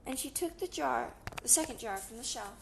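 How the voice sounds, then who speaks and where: Gravelly-voiced woman reading a storybook. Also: sits high, lively intonation, a little fast, noisy background. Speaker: audiobook reader. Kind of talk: storybook narration.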